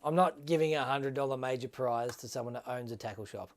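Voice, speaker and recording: A man's voice: medium pitch, fairly quick. Chatty man hosting a livestream. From Australia. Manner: chatty, calls viewers mate, upbeat. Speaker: livestream host. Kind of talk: casual livestream giveaway chat.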